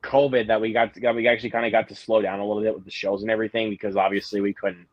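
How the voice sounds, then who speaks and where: A man's voice: lowish voice, little pitch movement, racing, no room sound, dull audio. A young man hosting a casual live-stream chat, rambling through stories with lots of fillers and restarts. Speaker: host.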